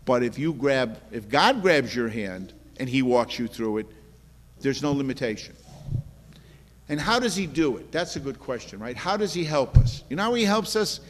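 A man's voice: medium pitch, sing-song, normal speed, in a large hall. A man preaching a sermon to a congregation in an earnest, conversational way, often repeating himself for emphasis. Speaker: pastor.

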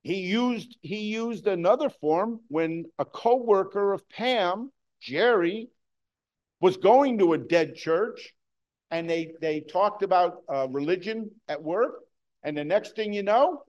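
Guy preaching, high-ish voice, gets loud then goes real quiet for emphasis, kinda muffled audio. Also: animated, slow pace. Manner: impassioned, swings between loud bursts and hushed emphasis. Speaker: pastor. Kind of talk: sermon.

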